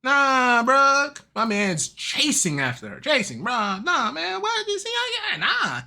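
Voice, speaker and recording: A man hosting a casual manga and game recap, talking in an animated, slangy way and laughing often. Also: very high voice, unhurried, gravelly. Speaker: YouTube host.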